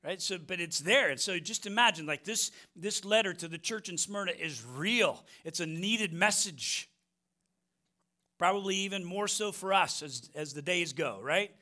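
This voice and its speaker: Man, American pastor, bright voice, slightly high, emphatic, repetitive sermon delivery. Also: lively intonation, normal speed. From United States. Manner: emphatic, repeats phrases, frequent "right?".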